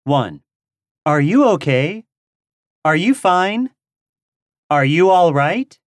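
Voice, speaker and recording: A woman slowly and carefully reading English lesson phrases aloud. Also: deep voice, no room sound, studio quality. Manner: slow, careful, expressive reading of drill phrases. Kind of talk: slow, clearly read language-lesson phrases.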